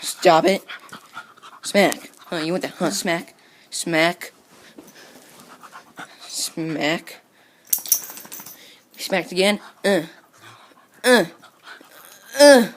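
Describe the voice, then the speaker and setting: A woman's voice: fairly low pitch, expressive, extremely slow, long pauses, a little hiss or hum. A woman talking casually to her pet dog in a home video, teasing and scolding it over and over, with playful growls. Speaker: dog owner.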